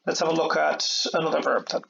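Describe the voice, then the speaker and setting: Male teacher, patient, explains step by step; slightly high, flat delivery. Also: a little fast, gravelly, highs cut off, slight background noise. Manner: patient, repeats "okay" and "all right" often. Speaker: Irish language teacher. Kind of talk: explaining a grammar lesson step by step.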